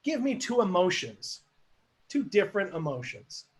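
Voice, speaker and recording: High-voiced chatty male improv host. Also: sing-song, normal speed. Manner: chatty, laughing, asks the audience for suggestions. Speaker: improv show host and narrator. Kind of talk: live online improv narration.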